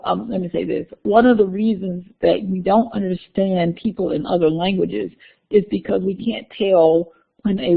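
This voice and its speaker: A woman's voice: medium pitch, creaky, husky. Woman lecturing over a tinny line. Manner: explanatory, with fillers and restarts. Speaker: university lecturer. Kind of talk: classroom lecture. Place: classroom. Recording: phone-like lecture recording.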